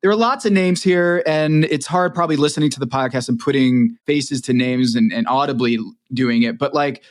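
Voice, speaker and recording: A man's voice: mid-range voice, moderate pace. A man co-hosting a podcast, talking through his points in an easy, analytical way with many filler words. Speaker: podcast co-host. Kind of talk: casual chat.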